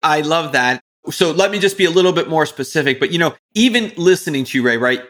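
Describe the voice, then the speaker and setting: A man with a somewhat high voice hosting a podcast. He fires off question after question and talks with eager enthusiasm. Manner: energetic, rapid-fire questioning, enthusiastic. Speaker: podcast host. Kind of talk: podcast interview.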